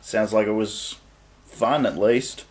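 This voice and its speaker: A man's voice: on the low side, steady tone, slow pace, slight background noise. An Australian man with an Australian accent, answering a review in a dry, wry way with frequent hesitations. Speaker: guest responding to the review.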